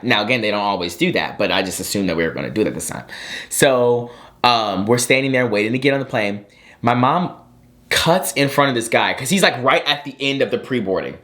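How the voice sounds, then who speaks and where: A young man telling a story to viewers in an animated way, with many fillers like "like" and "um". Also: mid-range voice. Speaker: co-host, son.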